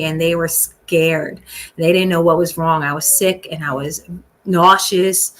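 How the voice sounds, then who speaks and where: Woman host, 30s, lower register, candid chatty storyteller talking to listeners. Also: a bit bright. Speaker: show host. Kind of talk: casual personal storytelling. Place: home room with balcony door open.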